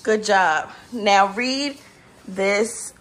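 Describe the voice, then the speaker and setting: Excitable woman vlogger gushing. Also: medium pitch, extremely slow. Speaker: vlog host. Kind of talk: casual family vlog chat.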